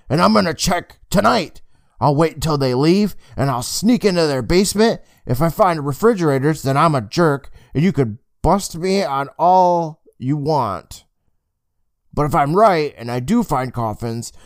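A man doing an urgent, excited girl. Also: on the high side, no room sound, studio quality, voice pushed up. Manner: urgent, insistent. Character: determined girl, excited older sister.

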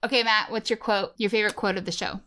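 A woman's voice: medium pitch, fairly even intonation, fast talker, bright, forceful tone. A woman in her thirties co-hosting a podcast in casual, playful, teasing chat. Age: 30s. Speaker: podcast co-host.

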